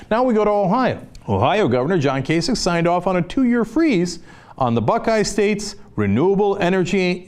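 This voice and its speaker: Animated, ranting political commentator man. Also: fairly high pitch. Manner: fired-up, sarcastic ranting. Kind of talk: impassioned opinion monologue.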